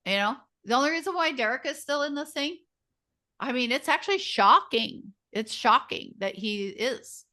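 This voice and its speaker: A woman's voice: high voice, expressive, moderate pace, bright, forceful tone. A woman leading a community group on a video call, talking casually and animatedly, often mimicking other people's voices.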